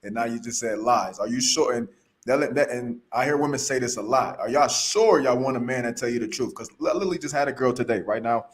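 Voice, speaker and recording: Brisk, foul-mouthed man telling his side on a podcast. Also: mid-range voice. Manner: blunt, profane, animated storytelling. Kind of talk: casual podcast debate.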